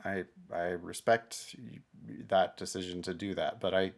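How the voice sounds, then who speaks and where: A middle-aged man co-hosting a casual podcast, talking in an animated way, laughing and often breaking off to restart his sentences. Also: low voice, a little slow. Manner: animated, laughing, self-interrupting. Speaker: podcast co-host.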